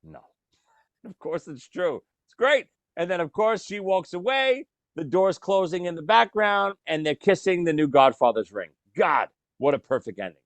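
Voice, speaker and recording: A man's voice: sits high, moderate pace, no echo. A man co-hosting a casual podcast, talking animatedly about films and acting out lines. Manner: animated, swears casually, acts out movie lines. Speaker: podcast co-host. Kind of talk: casual chat.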